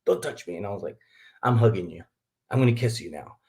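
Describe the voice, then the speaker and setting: A middle-aged man from Texas hosting a casual live stream, rambling warmly to viewers with frequent laughs. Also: fairly low pitch, fast talker. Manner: rambling, chatty, laughs often, talks to viewers as folks. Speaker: livestream host, reseller.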